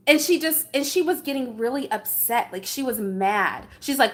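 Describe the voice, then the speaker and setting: A middle-aged woman with a high voice talks straight to her viewers in a loose livestream chat. She tells the story with indignant energy and keeps throwing out rhetorical questions. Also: moderate pace, hardly any pauses, fairly bright tone. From San Francisco, USA. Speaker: vlogger reacting to chat.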